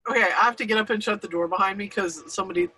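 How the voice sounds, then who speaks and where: A woman's voice: mid-range voice, very fast, breathy edge, low-quality recording. A woman chatting casually and animatedly, acting out the noises she describes. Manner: animated, imitates sounds. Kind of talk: casual chat.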